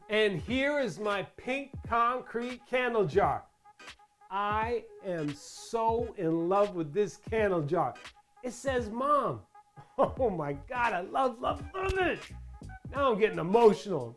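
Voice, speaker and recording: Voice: mid-range voice, very animated, measured pace, faint music behind. A crafting channel host giving a chatty tutorial voice-over, playful and full of asides and questions to the viewers.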